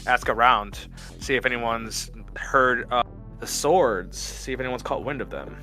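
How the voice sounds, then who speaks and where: A man's voice: mid-range voice, a little slow, sharp tone. A man playing a tabletop game, talking casually in character, reassuring and rambling with many fillers, over light background music. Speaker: player.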